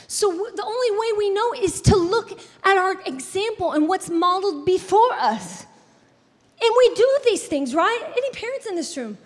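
A woman in her thirties preaches to her congregation with a very high voice. She talks in an animated, conversational way and keeps throwing in playful asides. Her voice rings out with the long reverb of a church hall. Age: 30s. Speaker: pastor. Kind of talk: sermon. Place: church sanctuary.

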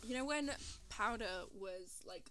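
A woman's voice: mid-range voice, expressive, a little slow, a crowd in the background. A young British woman hosting a casual podcast chat, talking with many fillers and laughing often. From Britain. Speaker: podcast host.

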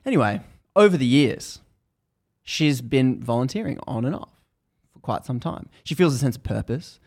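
Podcast guy rambling through a book recap, gravelly voice, lots of um and like. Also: medium pitch, lively intonation, moderate pace, darkish tone. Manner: loose, rambling, many restarts and fillers. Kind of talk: casual storytelling, retelling a book.

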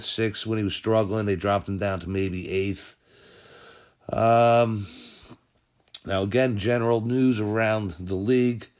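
A man's voice: medium pitch, a little mellow. A man hosting a casual sports podcast, rambling and thinking aloud as he goes through results and news, often correcting himself. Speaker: podcast host.

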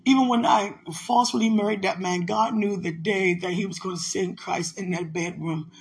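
A woman in a casual spiritual vlog, speaking emotionally and prayerfully, tenderly addressing unseen listeners. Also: mid-range voice.

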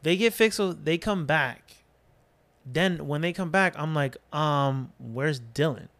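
A man with a somewhat high voice tells a story in casual podcast chat. He is animated and swears freely, and he slips into his friends' voices as he acts out what they said. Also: a little slow. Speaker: podcast co-host.

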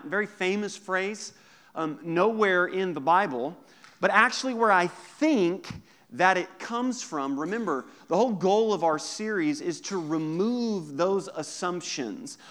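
A man preaching a sermon as pastor to his congregation, lively and joking with the listeners. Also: high-pitched. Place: church service.

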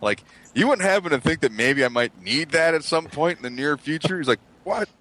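A man's voice: fairly high pitch, expressive, brisk, pushed and bright. A man casually telling a funny story to friends, swearing a lot and acting out what people said. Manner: profane, laughing, acts out quotes. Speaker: podcast co-host.

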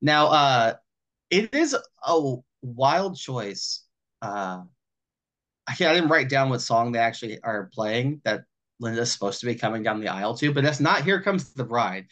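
A man co-hosting a podcast who talks a film over in casual chat, swearing freely and acting out the characters' lines in quick little voices. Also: mid-range voice, big pitch swings, fairly bright tone. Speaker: podcast co-host.

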